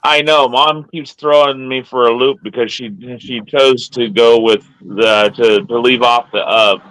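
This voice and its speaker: Slow-talking joking preacher man. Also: mid-range voice, steady tone, fairly bright tone, no room sound, rough recording. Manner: jokey storytelling. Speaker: preacher and host. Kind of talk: casual chat and hymn singing.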